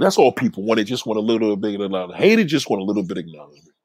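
Man, husky voice, lively pitch, dry close sound, streetwise storytelling. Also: rapid-fire, dry recording. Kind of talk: casual monologue.

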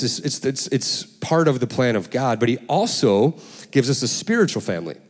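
A man preaching a sermon as pastor, in a loose, conversational way, often restarting words and jumping up in pitch while telling stories. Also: long reverb tail. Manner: lively storytelling with sudden pitch jumps. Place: church sanctuary.

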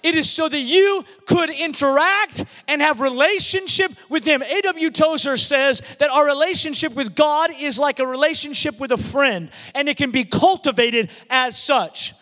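A man's voice: very high-pitched, moderate pace, hardly any pauses, sharp tone. A man preaching a sermon, emphatic and given to repeating words as he builds a point. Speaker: pastor. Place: large church hall. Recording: long hall reverb.

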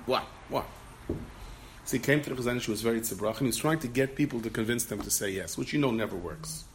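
A man, a rabbi, giving an animated Torah talk, telling a story and acting out the voices in it, with many Yiddish and Hebrew terms. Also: medium pitch, racing, slight background noise.

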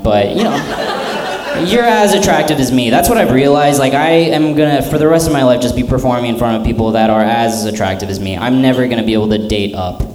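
A man's voice: mid-range voice, darkish tone. A young man doing a stand-up set in a theater, rambling and poking fun at himself with lots of filler words. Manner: rambling, self-mocking, filler-heavy delivery. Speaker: stand-up comedian. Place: theater stage before a live audience. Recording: roomy live theater with audience. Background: audience laughter and claps.

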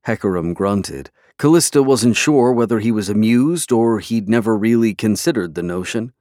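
A man reading scripted narration for an audiobook in a measured, even way. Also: on the low side, no room sound, studio quality.

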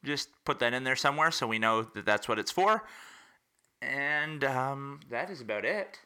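Male co-host with a very bright tone, casual, tells groan-worthy jokes and then explains them. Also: medium pitch, expressive, moderate pace, clear, resonant tone. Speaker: podcast co-host. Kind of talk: casual chat.

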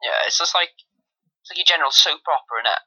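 Bright-voiced British lad on a phone line. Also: male voice, on the high side, animated, husky. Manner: chatty, quick to mimic others. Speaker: podcast co-host. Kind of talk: casual chat. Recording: thin phone-line sound.

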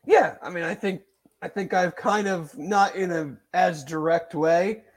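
A high-voiced sports podcast co-host keeps a measured pace during casual sports chat. He thinks aloud, rambling with many hedges, fillers and restarts.

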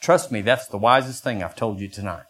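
An older man preaching a sermon as pastor, acting out quoted voices in lively bursts. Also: a little fast. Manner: animated, acts out voices with sudden high pitch jumps.

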